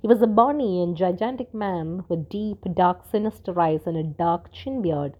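A woman narrating a story in a steady, measured reading voice. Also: on the low side, muffled recording. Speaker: audiobook narrator.

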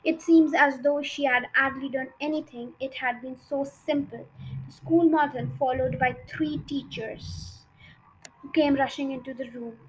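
Storybook reader, woman, high voice, expressive, a few slips. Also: a little slow, a little hiss or hum, poor audio. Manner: expressive reading with small slips. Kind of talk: reading a children's novel aloud.

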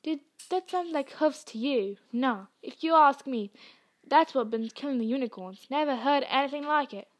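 A woman doing a gruff gamekeeper giant. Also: high-pitched, expressive, moderate pace. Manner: rough folksy speech. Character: gruff burly male gamekeeper. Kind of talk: audiobook reading.

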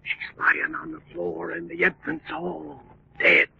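A man's voice: on the high side, fairly even intonation, measured pace, muffled recording, heavily acted. An actor playing a frightened, superstitious old male servant who stammers, in a 1940s radio drama. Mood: terrified. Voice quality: gravelly, shaky and stammering.

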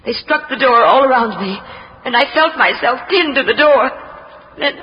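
A woman's voice: high voice, expressive, normal speed, breathy edge, exaggerated voice. An actress playing a young woman who stammers and gushes in 1940s radio drama, on a dull reverberant old recording. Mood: frightened. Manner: breathless, stammering, gushing. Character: frightened young woman, the doctor's daughter.

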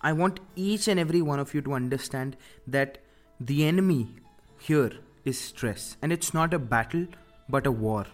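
A man's voice: mid-range voice, moderate pace, faint music behind. A man hosting a podcast, delivering a scripted motivational monologue with emphatic, repeated rhetorical questions. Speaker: podcast host.

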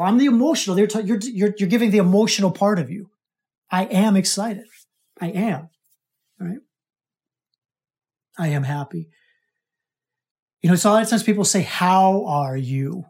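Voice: mid-range voice, darkish tone. A coach giving a casual teaching talk to students, speaking conversationally, checking in with "right?" and often repeating or restarting words. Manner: conversational, keeps asking "right?".

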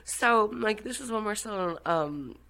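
A woman's voice: medium pitch, a little slow, rough recording. An Irish woman telling a personal story in a casual chat, with lots of swearing and laughter. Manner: animated, swearing, laughing often. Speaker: guest.

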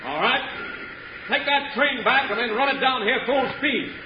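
A sneering outlaw boss. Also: male voice, extremely high pitch, moderate pace, muffled recording. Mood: menacing. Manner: sneering, commanding. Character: scheming outlaw boss, grown man. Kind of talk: 1950s radio western acting. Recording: hissy, echoey old radio broadcast.

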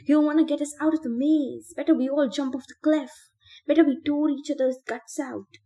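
Woman putting on a crazed teenage boy, shrieking, frantic, mellow-toned. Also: sits high, fairly even intonation, normal speed, lo-fi sound, pitched above the performer's own voice.

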